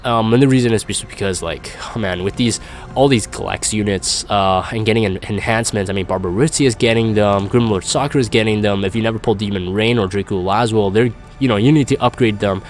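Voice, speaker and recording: A man's voice: fairly low pitch, brisk, soft background music. A young man chatting casually as a gaming YouTuber, rambling and self-deprecating while reading live comments.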